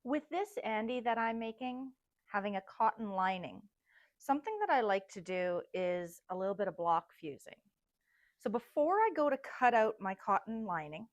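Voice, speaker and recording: A woman's voice: fairly high pitch, no room sound, highs cut off. A woman designer teaching a casual step-by-step sewing tutorial, chatting and thinking aloud as she works.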